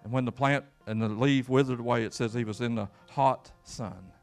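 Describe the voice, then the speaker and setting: A man's voice: medium pitch, moderate pace, faint music behind. A man preaching a sermon as pastor, folksy and emphatic, with repeated words and call-outs to the congregation. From Kentucky.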